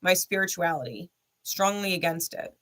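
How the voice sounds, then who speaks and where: A woman with a bright, forward voice speaks candidly to her viewers. Her telling is blunt and heated, with plenty of swearing and hard emphasis. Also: lowish voice, animated, moderate pace. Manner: blunt and heavily profane, emphatic; heated, intense retelling. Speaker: spiritual content creator. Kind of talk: candid personal storytelling.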